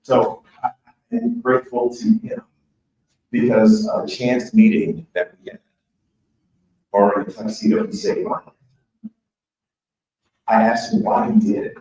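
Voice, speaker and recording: A man's voice: medium pitch, sing-song, a little slow, vocal fry, long pauses, mellow. A man, an author, tells a candid personal story to an audience and jokes along the way. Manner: candid, joking, conversational. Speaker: author giving a speech. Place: large event hall with an audience. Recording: echoey hall, voice from far off.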